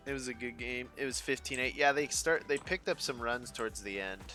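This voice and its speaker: A man's voice: medium pitch, fairly quick, pushed and bright, faint music behind. A man casually chatting with his viewers while streaming a game, rambling between moves. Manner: rambling, chatty, talks to chat between plays. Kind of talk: casual gameplay commentary.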